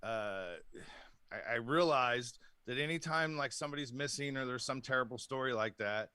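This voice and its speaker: A man's voice: medium pitch, normal speed, pushed and bright, clear, resonant tone, dry recording, clean studio sound. A man co-hosting a casual podcast chat, telling a long rambling story and laughing often. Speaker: podcast co-host.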